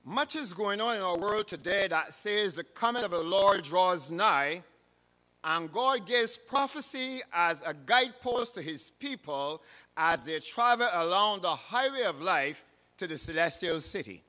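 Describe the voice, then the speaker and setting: A man with a Barbadian accent, a church elder, preaching a sermon in a measured, emphatic way. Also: sits high, animated, sharp tone. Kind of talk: sermon with a read-aloud story. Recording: reverberant hall.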